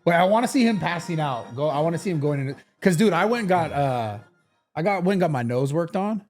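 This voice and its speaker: A man's voice: on the high side, lively intonation, fast talker, faint music behind. A man hosting a podcast in casual interview chat, reactive and swearing freely. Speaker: podcast host.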